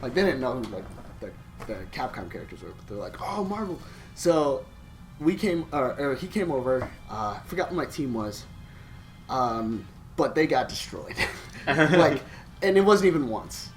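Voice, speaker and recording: A man's voice: mid-range voice, big pitch swings, moderate pace, soft background music. A man co-hosting a podcast, telling a gaming story in casual chat, swearing and laughing as he goes. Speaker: podcast co-host.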